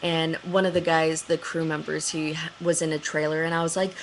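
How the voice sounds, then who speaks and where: A young woman chats straight to the camera, piling on fillers and jumping up high whenever she replays her own panic. Her voice sits a little low for a woman, with a faint hiss of noise behind it. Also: brisk, rough recording. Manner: chatty, excitable, many fillers, acts out her own panicked quotes in a higher voice. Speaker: vlogger. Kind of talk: casual storytelling to camera.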